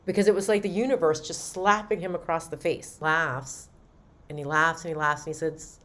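A woman's voice: deep voice, fairly even intonation, moderate pace, fairly bright tone. A woman hosting a podcast, animatedly telling a personal story and recounting conversations. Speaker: podcast host.

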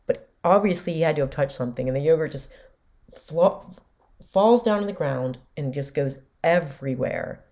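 A woman's voice: deep voice, animated, moderate pace, mellow. A woman in her forties candidly and emotionally retelling a family story with quoted dialogue, as a podcast host. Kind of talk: personal storytelling.

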